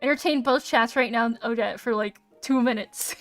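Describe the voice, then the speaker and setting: A woman's voice: a little high, moderate pace. A young woman guest on a stream, chatting casually and telling a self-mocking story. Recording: voice over faint background music.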